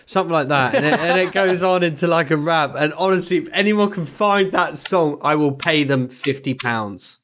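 A man's voice: a little high, moderate pace, few pauses, fairly bright tone. A man co-hosting a podcast, rambling and joking in casual banter, swearing freely and speeding up in bursts. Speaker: podcast co-host.

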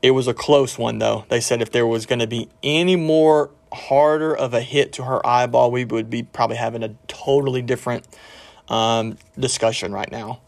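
A middle-aged pastor delivers a podcast sermon in an earnest, storytelling way. His voice has a gravelly edge and sits at an ordinary male pitch. He talks with fillers and small restarts as he goes. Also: normal speed.

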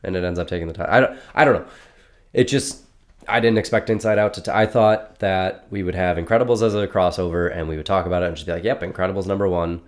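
A man's voice: low-pitched, fast talker. A young adult man hosting a casual movie podcast, easily amused and laughing often. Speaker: podcast co-host. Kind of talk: casual movie-ranking chat.

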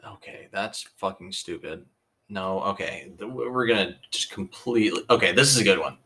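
Tipsy guy cohost, deep voice, cusses nonstop, argues about everything. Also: moderate pace, sharp tone, slightly rough. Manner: swears constantly, blunt and argumentative. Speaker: podcast co-host. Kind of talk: casual chat.

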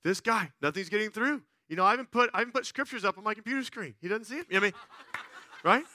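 A pastor preaches an animated sermon in a high-pitched, racing voice. He swings between loud, excited bursts and quiet, earnest passages, playfully acting out the people he quotes.

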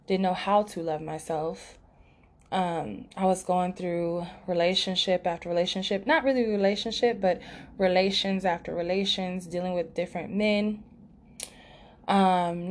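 A podcast host, a young woman with a slightly low, somewhat mellow voice, shares a personal story candidly and emotionally. She uses frequent fillers and corrects herself often, recording from a room away from her usual setup while outside noise drifts in through an open window.

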